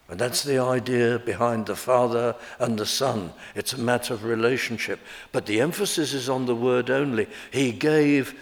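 Male preacher giving a sermon, slow deliberate delivery, big echoey church hall. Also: mid-range voice. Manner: slow, emphatic, rising on key words.

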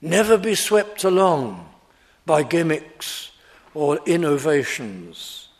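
A man delivers a sermon at a deliberate, unhurried pace, leaning hard on single words. His voice sits a little higher than most men's. He keeps putting rhetorical questions to his hearers. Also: very animated. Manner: slow, emphatic preaching with rhetorical questions. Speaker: preacher.

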